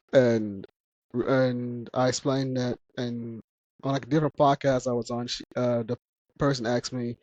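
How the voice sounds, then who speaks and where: Man hosting a podcast in relaxed conversation, a mid-range voice, laughs often as he tells stories. The sound is dry and close, with no room echo. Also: medium pitch, highs cut off. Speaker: podcast host. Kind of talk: casual podcast chat.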